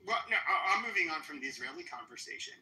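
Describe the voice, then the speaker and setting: A man's voice: sits high, animated, quick pace, pushed and bright. A man hosting a podcast, delivering a profane, taunting, repetitive confrontational rant. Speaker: podcast host. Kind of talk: confrontational live-stream rant. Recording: roomy echo.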